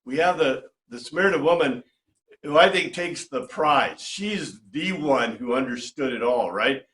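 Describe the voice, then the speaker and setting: A man's voice: medium pitch, expressive, a little slow, a bit bright, echoey room. A man teaching a Bible class in a conversational way, often checking in with his listeners. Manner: chatty, checks in with "right?". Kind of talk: informal lecture to a class.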